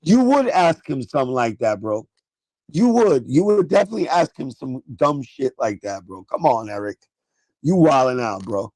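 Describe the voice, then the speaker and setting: A middle-aged man with a New York accent, hosting a casual sneaker livestream with excitable, profane banter. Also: medium pitch, normal speed, dry recording, low-quality recording.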